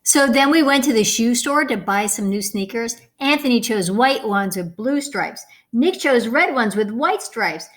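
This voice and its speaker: A woman reading a children's picture book aloud, expressive and playful, stopping to comment on the pictures. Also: fairly high pitch, unhurried, hardly any pauses. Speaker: storybook reader.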